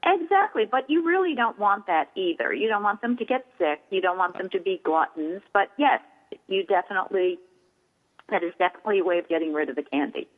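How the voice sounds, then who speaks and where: A middle-aged woman, a toy store owner and guest on a radio show, explaining things in an animated way and acting out examples. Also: mid-range voice, a little fast. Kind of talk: radio interview. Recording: tinny phone line with long reverb.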